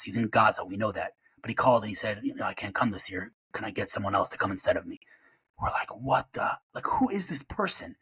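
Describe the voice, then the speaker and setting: A man in his forties, a podcast guest sharing emotional memories in a rapid, halting way full of restarts. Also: mid-range voice, a bit bright, slightly rough, low-quality recording. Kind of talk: emotional personal remembrance.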